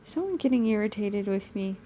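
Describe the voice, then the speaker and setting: A woman's voice: medium pitch, animated, fairly quick, mellow. A young British woman reading fanfiction aloud on a stream, stumbling over the lines and adding sarcastic asides.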